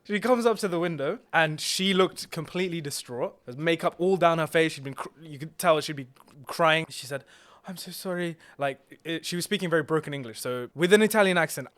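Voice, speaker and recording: A young man tells a story in a casual, rambling way, full of fillers and restarts. His voice sits somewhat high for a man. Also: fairly quick, fairly bright tone. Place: indoors on a couch.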